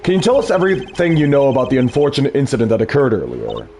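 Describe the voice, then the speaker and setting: A calm, courteous defense lawyer played by a man, speaking in a mid-range voice with very animated pitch swings. His phrasing stays polite, measured and formal in a fan dub of a game. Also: slight background noise. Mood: composed.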